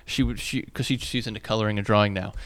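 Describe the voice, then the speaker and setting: A man's voice: lowish voice, steady tone, fast talker, a bit bright. A man in his thirties co-hosting a podcast, talking casually and rambling with lots of fillers and restarts. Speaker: podcast co-host. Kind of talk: casual chat. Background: landscaping noise outside.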